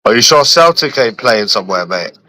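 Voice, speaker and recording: A man's voice: fairly low pitch, big pitch swings, fairly quick, bright, forceful tone, rough recording. A young man, chatting casually with friends in repetitive, laughing, slangy banter. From London. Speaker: streamer.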